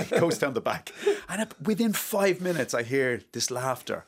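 A man telling anecdotes in a casual chat, animated and enthusiastic. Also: mid-range voice, moderate pace. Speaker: guest, co-author.

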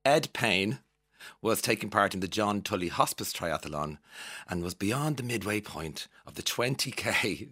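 A man's voice: on the low side, bright, forceful tone. An Irish man hosting a chatty radio news round-up, self-mocking and laughing while reading out stories. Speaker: radio host.

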